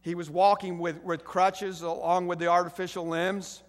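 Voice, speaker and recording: Brief: middle-aged male pastor, high voice, emphatic sermon delivery, long hall reverb. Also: little pitch movement, normal speed. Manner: emphatic preaching with rising volume bursts.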